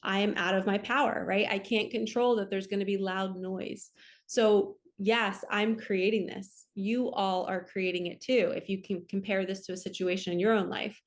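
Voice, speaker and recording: A woman's voice: mid-range voice, fairly even intonation, normal speed. A woman, a spiritual coach talking earnestly and emotionally to her viewers in a casual monologue. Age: 40s. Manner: earnest, emotional, many "oh my gosh" and "like" asides. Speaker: spiritual coach and channel host. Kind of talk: casual heartfelt monologue to camera.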